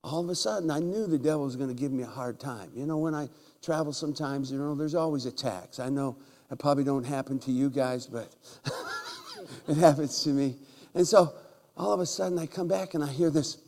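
A man preaching a humorous sermon in a church, telling jokey stories and breaking into loud shouts. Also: a little high, a little fast. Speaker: guest preacher. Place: church sanctuary. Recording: large hall with long reverb.

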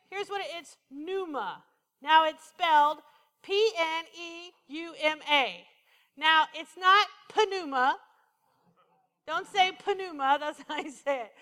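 A woman's voice: extremely high pitch, pushed and bright, long reverb tail. A woman preaching a sermon, playful and full of questions to the congregation.

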